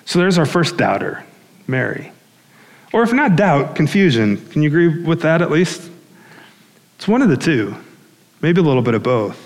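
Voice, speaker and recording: A man preaching a sermon in a conversational, animated way, acting out the lines of the people in the story. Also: on the high side, normal speed, pauses often, long reverb tail. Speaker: pastor.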